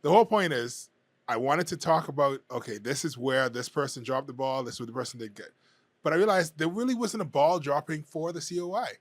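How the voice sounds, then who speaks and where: A male radio host giving frank, measured opinion commentary and hedging his views. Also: on the high side, no echo. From Bahamas.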